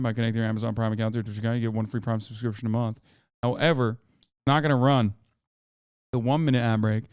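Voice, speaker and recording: A man hosting a livestream in casual chat, reading viewer posts aloud in an offhand, sarcastic way with loud outbursts. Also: mid-range voice, clear, resonant tone, no echo, studio quality. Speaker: livestream host.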